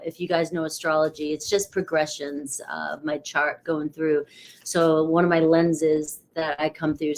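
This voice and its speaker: A middle-aged woman from New England who reads tarot, chatting casually on a live stream and greeting viewers by name in a rambling way. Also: deep voice. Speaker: tarot reader.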